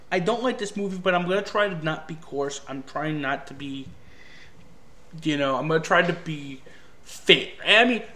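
A man's voice: sits high, sharp tone. Exasperated, foul-mouthed male film reviewer. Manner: exasperated, profane, sarcastic.

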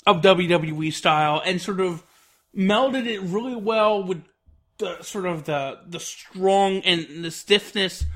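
A man's voice: high voice, a bit bright. A man giving an enthusiastic, rambling spoken review, full of fillers. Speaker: wrestling reviewer.

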